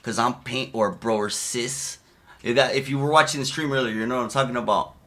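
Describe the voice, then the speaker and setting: A man riffing over a video in a bright, forceful voice, swearing freely and wandering off into stories. He laughs his way through the telling, his talk loose and casual. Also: mid-range voice, brisk. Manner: profane, laughing, loose storytelling. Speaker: streamer commenting on a video. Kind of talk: casual, rambling commentary.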